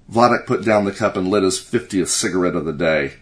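A man reading a short story aloud as narrator, in a steady storytelling manner. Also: low-pitched, a little fast, hardly any pauses. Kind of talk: audiobook narration.

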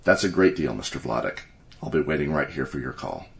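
A man reading as a calm, assured doctor. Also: very deep voice, creaky, pitched below the performer's own voice, full character voice. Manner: calm, measured.

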